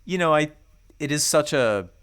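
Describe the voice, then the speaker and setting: A man's voice: on the high side, lively intonation, normal speed, a bit bright, smooth. A man co-hosting a music podcast, reading a listener review in an enthusiastic, jokey casual chat. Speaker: podcast co-host.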